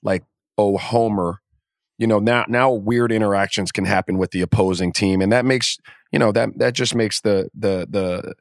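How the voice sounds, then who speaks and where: A man's voice: fairly low pitch, steady tone, moderate pace, gravelly, dry recording, clean studio sound. A man co-hosting a podcast who gives strong opinions in casual sports chat. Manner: opinionated, emphatic, with many restarts. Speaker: podcast co-host.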